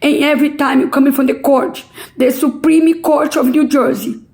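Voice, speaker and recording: A middle-aged woman making an impassioned, pleading public appeal in halting non-native English. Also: high voice, fairly even intonation, a little mellow, rough recording. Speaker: relative pleading a court case.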